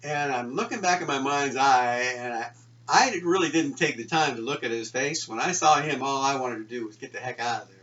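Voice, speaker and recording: A man's voice: medium pitch, fairly quick, a bit bright. A middle-aged man telling a personal story to a live audience, chatty and full of fillers, acting out each line of dialogue. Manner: conversational, lots of fillers, acts out the dialogue. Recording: dull sound from a mic at a distance.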